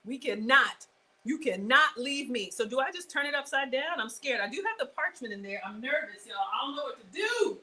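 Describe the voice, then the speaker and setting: A woman hosting a live cooking stream, chatty and excitable, talking straight to her viewers. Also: sits high, fairly quick, breathy edge, poor audio. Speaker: cooking show host.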